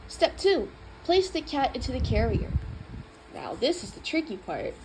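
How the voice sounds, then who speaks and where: A woman reading a children's book aloud in an expressive, playful way. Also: high-pitched, normal speed, background noise. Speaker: storybook reader.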